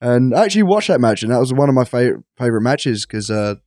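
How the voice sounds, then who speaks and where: A young British man in casual conversation, telling stories and acting out what people said in a higher voice. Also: fast talker, no room sound, clean studio sound. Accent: British English. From England. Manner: animated storyteller, acts out quotes in a higher voice. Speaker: guest, pro wrestler. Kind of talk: casual podcast chat.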